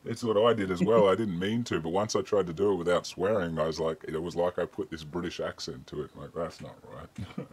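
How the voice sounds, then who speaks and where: Deep husky Australian man chatting. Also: fairly quick, darkish tone. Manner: easygoing, laughs and swears freely. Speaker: host. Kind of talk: casual chat.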